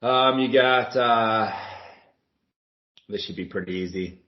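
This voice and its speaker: The dull, lo-fi recording catches a podcast co-host from Milwaukee taking his time in a fairly low voice. He's having a casual sports chat, cursing, laughing often and struggling to recall names.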